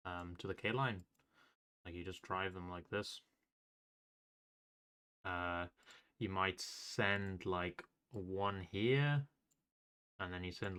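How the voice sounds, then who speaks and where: Man, lowish voice, bright edgy tone, casual rambling explanation, lots of fillers. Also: clean tone. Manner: loose and rambling, full of fillers and self-corrections. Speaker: game strategy guide creator. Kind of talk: casual explanation of game tactics.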